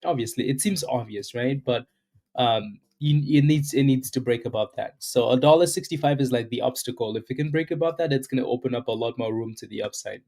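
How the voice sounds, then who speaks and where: A man with a medium-pitched, dark voice talks briskly while hosting a live day-trading stream. He chats loosely through market commentary, greets viewers, and tends to end his lines with "right?"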